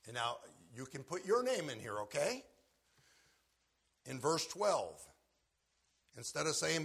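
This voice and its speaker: A man preaches with a husky, gravelly voice that has a bright, forceful edge. He bursts into loud shouts when acting out scripture scenes, then sinks to quiet, low asks of his listeners. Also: huge pitch swings, unhurried, long pauses. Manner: swings from loud shouted acted quotes to low quiet asides. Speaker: pastor. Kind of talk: sermon.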